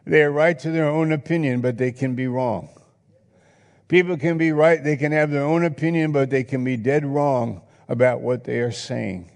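A man's voice: mid-range voice, steady tone, normal speed, gravelly. A male pastor preaching a sermon, earnest and reflective, reading scripture aloud in a church hall. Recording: long reverb in a hall.

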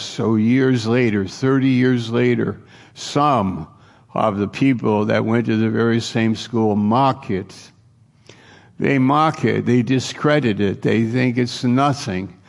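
Middle-aged guy preaching slow, gravelly voice, gets loud and pushy when he exhorts. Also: lowish voice. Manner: earnest, builds to emphatic exhortation. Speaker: pastor. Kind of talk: sermon.

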